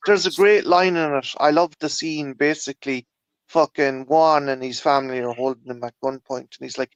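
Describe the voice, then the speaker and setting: A man's voice: mid-range voice, normal speed, clear, resonant tone, no echo, dull audio. Swearing Irish man telling stories. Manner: swears constantly, animated storytelling. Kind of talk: casual chat.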